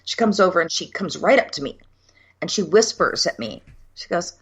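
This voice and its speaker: A woman's voice: fairly low pitch, normal speed, slightly rough. A woman, co-hosting a casual cocktail podcast and telling stories frankly and with some swearing. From USA, Minneapolis. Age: 50s. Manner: frank and animated storyteller, swears freely. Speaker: podcast co-host. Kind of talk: casual chat over cocktails.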